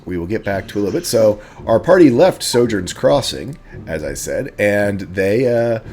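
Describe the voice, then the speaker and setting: A man's voice: fairly low pitch, a little mellow, a little hiss or hum. A man running a tabletop game as game master, chatty and playful.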